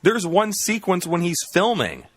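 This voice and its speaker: Slow-talking man retelling movie scenes. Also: sits high, very animated, no room sound. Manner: retells scenes from notes, quoting lines with laughs. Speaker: podcast co-host. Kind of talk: casual movie review chat.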